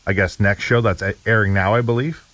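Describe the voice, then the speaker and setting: A man co-hosting a casual chat, talking in a relaxed, conversational way. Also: fairly low pitch, brisk, dry recording. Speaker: co-host.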